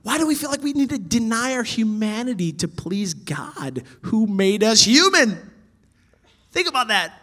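A man teaching church workers about children's ministry, animated, swinging from loud emphasis to soft whispers. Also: high voice, moderate pace.

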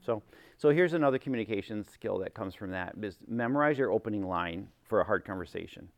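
A man's voice: lowish voice, lively intonation, a little fast, vocal fry. A middle-aged man giving an informal teaching talk to a group. He acts out little quotes and keeps checking in with "right?". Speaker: workshop speaker, former chaplain.

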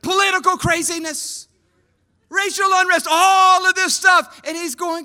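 Guy preaching at a conference, really high bright voice, gets loud then goes quiet. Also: level tone, unhurried. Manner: dynamic preaching, swings from hushed to shouting; talks with the crowd, asks for hands. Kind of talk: sermon. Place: conference hall.

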